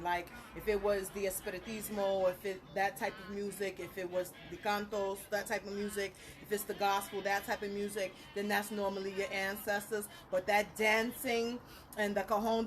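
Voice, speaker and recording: A woman, a spiritual reader talking casually to her viewers, animated and blunt, laughing through her stories. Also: mid-range voice, a little hiss or hum. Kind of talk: casual live talk to viewers.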